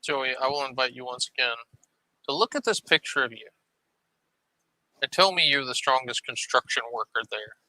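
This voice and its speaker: Bright, sarcastic male commentator. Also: mid-range voice, lively intonation, normal speed, long pauses, no echo, poor audio. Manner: sarcastic, mocking. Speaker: commentary host. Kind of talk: reaction commentary.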